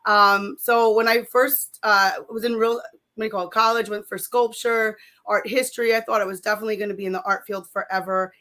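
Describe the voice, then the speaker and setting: A woman in her forties, a guest in a casual interview, chatty and a little hoarse from a recent cold. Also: mid-range voice, fairly even intonation, fairly quick, bright, forceful tone. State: slightly hoarse from a chest cold.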